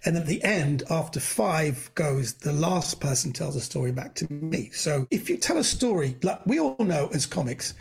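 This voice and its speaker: Brief: middle-aged comic, husky gravelly voice, pitched high, lively storyteller doing voices. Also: male voice, normal speed, few pauses, soft background music. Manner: animated storyteller, acts out voices. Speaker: comedian guest. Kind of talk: storytelling anecdote.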